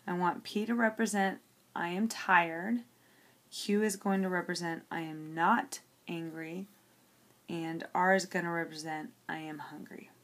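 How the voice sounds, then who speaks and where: A woman's voice: lowish voice, fairly even intonation, a little slow, fairly bright tone. A woman teacher working through a logic example on paper, explaining each step and checking in with "okay" as she goes.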